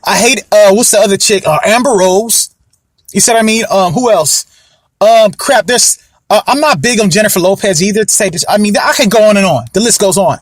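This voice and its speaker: Speaking briskly in a high-pitched voice, a young man hosts a laid-back commentary podcast with clean studio sound and no room sound. He goes off on tangents, says things more than once, and often asks if you know what he means.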